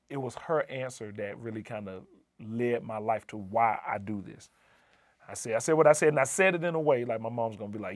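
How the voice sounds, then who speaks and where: A man's voice: mid-range voice, fairly quick, no room sound, clean studio sound. Earnest man telling a personal story. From Southern United States. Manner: earnest, emphatic, repeats key phrases. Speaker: assistant dean of community and inclusion.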